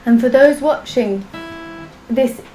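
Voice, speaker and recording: A woman's voice: sits high, takes it slowly, dark tone. A woman teaching a live-streamed class, patiently chanting syllables in a sing-song and joking with her students. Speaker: language teacher. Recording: echoey room with music behind.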